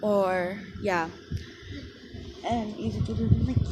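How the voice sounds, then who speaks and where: A woman spins out a fan story in a loose, rambling way, full of fillers and quick quoted lines from the characters. Her voice sits at an everyday middle pitch. A clear hiss of background noise runs under the whole recording. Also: steady tone. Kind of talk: casual spoken fan story.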